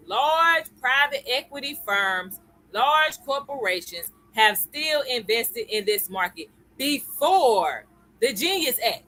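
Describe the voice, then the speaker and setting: A woman's voice: fairly high pitch, bright, forceful tone, poor audio. A woman hosting a live-stream lesson. She talks in a chatty way, greets viewers by name and keeps checking in with "okay?" and "y'all.". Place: at home computer.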